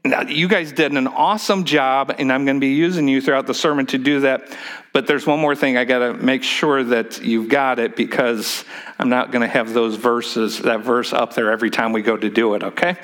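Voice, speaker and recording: A man preaching from the pulpit in a church sanctuary, his voice neither high nor low. He talks to the congregation casually, cracks jokes and leads them through call-and-response. His sentences often restart with repeated words. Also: steady tone, moderate pace, fairly bright tone. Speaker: pastor. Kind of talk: sermon.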